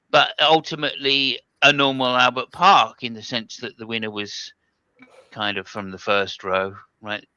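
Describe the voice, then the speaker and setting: A man's voice: fairly low pitch, bright, forceful tone, smooth, dry recording, dull audio. A man hosting a casual motorsport chat over an online call, jokey and rambling with many fillers. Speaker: podcast host.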